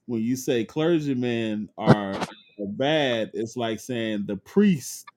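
A man co-hosting a casual talk show, taking his time as he explains a point. His pitch is middling and his pace unhurried. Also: a little mellow, slight background noise. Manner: measured, explaining. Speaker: co-host.

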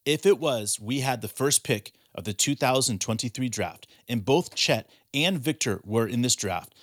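A man in a casual sports talk show, building his argument with questions he answers himself. His voice sits at a middle pitch and sounds dry and close, with no room around it. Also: animated, moderate pace, no room sound. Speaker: podcast co-host.

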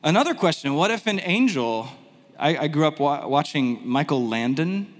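A man teaching a sermon in a conversational, animated way, with self-deprecating asides. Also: a little high, normal speed, in a large hall. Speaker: pastor.

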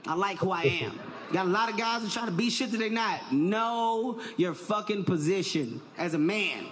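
A man doing a stand-up comedy set, loud and animated, often shouting his punchlines. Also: high voice, moderate pace.

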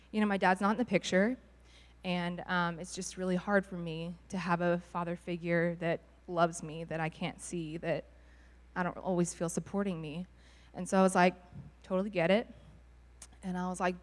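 A young woman telling a church testimony in a bubbly, laughing storytelling way. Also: medium pitch. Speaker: youth ministry leader. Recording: reverberant hall.

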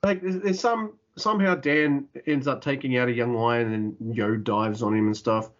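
A man's voice: medium pitch, steady tone, normal speed, a bit bright, highs cut off. A man co-hosting a podcast, ranting in casual wrestling chat, exasperated and swearing a lot. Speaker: podcast co-host.

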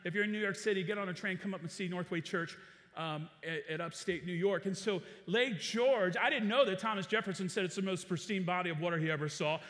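A man's voice: high-pitched, brisk, a bit bright, long reverb tail. A man preaching a sermon, telling a story with energy and calling on the congregation to respond. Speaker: pastor.

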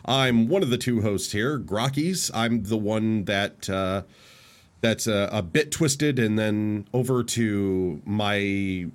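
A man's voice: lowish voice, takes it slowly. A man co-hosting a live podcast, joking and a little hesitant. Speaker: podcast co-host. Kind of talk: casual chat.

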